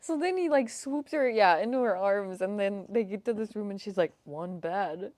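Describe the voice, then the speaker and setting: A woman's voice: medium pitch, brisk, darkish tone, no echo. A woman co-hosting a casual book podcast, laughing and exclaiming as she recaps chapters. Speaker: podcast co-host. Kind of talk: casual book club chat.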